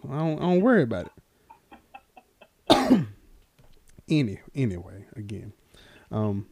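A man with a creaky, husky, medium-pitched voice hosts a casual podcast at a measured pace. He teases his co-host, laughs often, and tells loose, animated stories full of fillers.

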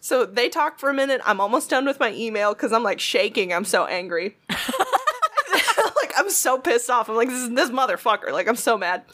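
A woman, a retail worker telling a long story in casual chat, animated and swearing freely as she acts out what people said. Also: on the high side, normal speed.

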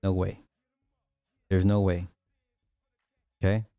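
A man's voice: deep voice, little pitch movement, takes it slowly, gravelly, dark tone, clear, resonant tone, no room sound, studio quality, faint music behind. A middle-aged man hosting a livestream, ranting bluntly and with profanity in casual commentary, repeating his points for emphasis. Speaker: livestream host.

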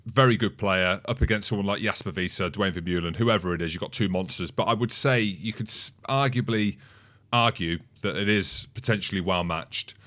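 A man's voice: deep voice, normal speed, hardly any pauses, a bit bright. A man co-hosting a casual rugby podcast, thinking through his points aloud. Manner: thoughtful, talks through ideas aloud. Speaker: podcast co-host. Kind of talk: casual sports chat.

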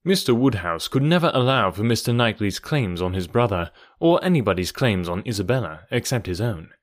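Male audiobook narrator. Measured, dry. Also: fairly low pitch, very animated, dry recording.

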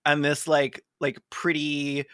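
A woman co-hosting a podcast, joking and riffing, acting out quick quoted voices. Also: low-pitched, flat delivery, a bit bright, no room sound, clean studio sound. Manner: riffs with jokey quoted voices. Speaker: podcast co-host. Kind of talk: joking banter.

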